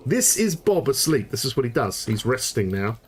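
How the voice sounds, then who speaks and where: This live gameplay tutorial is hosted by a man with a husky, medium-pitched voice who speaks at a normal pace. He reasons out loud, gets worked up as solutions come to him, and keeps restarting sentences.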